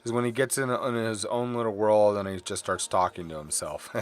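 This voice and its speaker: A man's voice: lowish voice, steady tone, brisk. A middle-aged man chatting casually and candidly while drawing on stream, rambling from topic to topic and apologizing for his swearing.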